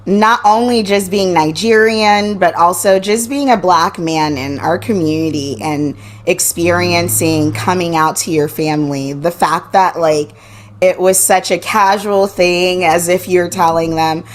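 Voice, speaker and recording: A woman's voice: on the low side, measured pace. A woman hosting a podcast interview who talks casually and reacts with frequent laughter. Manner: laughs often, warm reactions. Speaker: podcast host.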